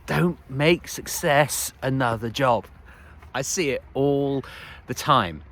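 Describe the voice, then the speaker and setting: A man's voice: medium pitch, slow pace, a bit bright. A man in his forties talking as a life coach in a casual motivational monologue, rambling with frequent restarts and laughs. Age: 40s.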